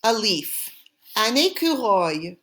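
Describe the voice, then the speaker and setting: A woman teaching French vocabulary, saying each word clearly and repeating it for students to copy. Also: mid-range voice, big pitch swings, a bit bright. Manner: slow, deliberate, repeating words for students. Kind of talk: language lesson drills.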